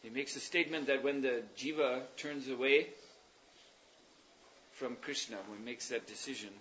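A man leading a religious class, explaining ideas at length in a thoughtful, meandering way with pauses and fillers. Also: mid-range voice, steady tone, a bit bright, a little hiss or hum. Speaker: spiritual teacher leading a class. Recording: dull lo-fi recording.

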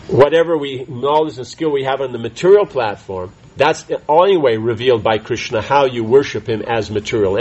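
A man's voice: mid-range voice, darkish tone, muffled recording, slight background noise. A man teaching a conversational scripture class, often restarting his sentences and checking in with "right?". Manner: halting restarts, keeps asking "right?".

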